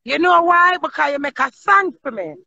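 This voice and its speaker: On a live stream, a Jamaican-accented woman talks casually in patois, being blunt, brash and boastful. She sounds high, expressive, gravelly and sharp, moving at a moderate pace, all captured in dull lo-fi audio.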